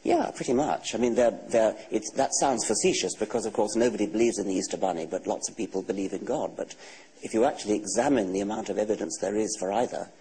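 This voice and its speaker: Guest author, English, 60s. Low, dark voice, measured and deadpan, faint studio hum behind. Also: male voice, rough recording. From England. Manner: measured, dry, matter-of-fact. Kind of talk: TV talk show interview.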